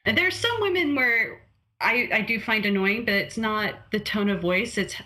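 A woman's voice: medium pitch, animated, normal speed, bright, forceful tone. A young woman co-hosting a casual chat, talking loosely with many fillers and frequent laughs. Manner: chatty, laughs often, lots of fillers.

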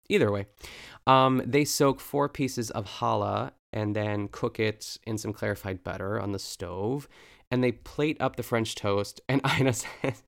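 A man talks through an episode recap in a loose, rambling way, circling back and correcting himself as he goes. His voice sits low with a gravelly fry at the ends of phrases. He keeps a casual, chatty delivery throughout. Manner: chatty, rambling, full of fillers and self-corrections, laughing to himself. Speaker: podcast host recapping a cooking show episode. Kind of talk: casual chat.

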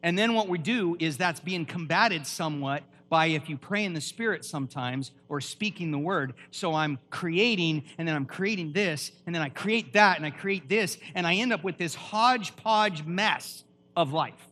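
A man preaching a lively sermon at a church, emphatic and quizzing the congregation with questions. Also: on the high side, moderate pace. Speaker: pastor.

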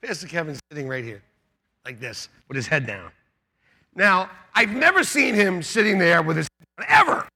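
A middle-aged man, a pastor, preaching a sermon with animated storytelling, laughing and shouting out quotes. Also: fairly high pitch, moderate pace, slightly rough.

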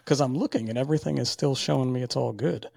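Man, 40s, podcast host; gravelly, husky, dry, casual and candid. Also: medium pitch, quick pace, mellow, no echo. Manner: chatty, candid, repeats words. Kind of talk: casual interview chat.

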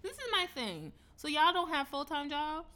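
A woman's voice: sits high, moderate pace. A woman co-hosting a casual chat, blunt and profane. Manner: blunt, profane, animated storytelling. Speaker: podcast co-host.

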